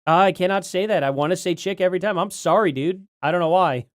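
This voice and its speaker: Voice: mid-range voice, lively intonation, fast talker, few pauses, dry recording, clean studio sound. A livestream host chatting casually from home, rambling and correcting themself while reading out donations. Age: adult parent.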